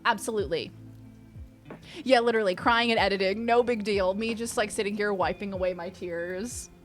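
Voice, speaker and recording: Young woman streaming, chatty, reads chat out loud, squeals now and then, mid pitch, faint music under her. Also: steady tone, normal speed. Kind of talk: casual live-stream chat.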